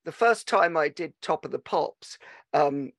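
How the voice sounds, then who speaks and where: A man's voice: on the high side, animated, measured pace, a bit bright, no room sound, studio quality. A man hosting a podcast, who chats easily, tells anecdotes and asks questions with a few restarts. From Scotland. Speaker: podcast host. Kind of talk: conversational interview.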